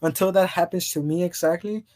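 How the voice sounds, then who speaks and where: A man's voice: high-pitched, steady tone, brisk, darkish tone. A man co-hosting a podcast in casual chat, telling a story in a rambling way, stumbling over restarts and laughing often. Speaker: podcast co-host.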